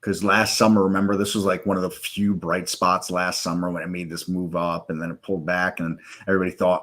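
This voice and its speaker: A man hosting a live trading stream, walking through software in a loose, rambling way with many fillers and self-corrections, and hiccups now and then. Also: low-pitched, little pitch movement, brisk, few pauses. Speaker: live trading room host.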